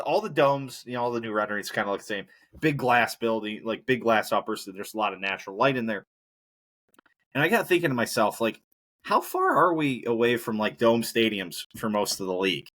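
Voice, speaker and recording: A man's voice: on the low side, fairly bright tone. A man hosting a solo podcast, rambling casually and breaking into profane rants. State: injured knee, hobbling. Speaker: podcast host.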